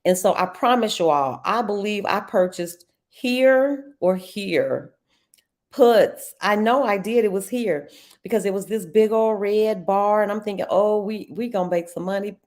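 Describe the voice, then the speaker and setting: A middle-aged woman, hosting a casual live trading walkthrough, chatty and quick to laugh. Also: mid-range voice, lively intonation, a little mellow. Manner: chatty, laughs often, addresses viewers as y'all.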